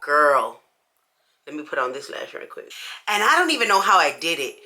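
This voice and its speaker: A woman's voice: sits low, normal speed, heavy background noise. A woman vlogger telling a story in casual slang while she does her makeup, acting out each person's lines. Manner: animated, acts out everyone's lines in the story; casual slangy talk with many "like"s. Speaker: beauty vlogger.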